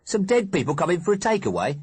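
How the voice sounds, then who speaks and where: A man doing a cheeky, squeaky teenage boy. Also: big pitch swings, breathy edge, no room sound, heavily acted. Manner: cheeky, quick-witted.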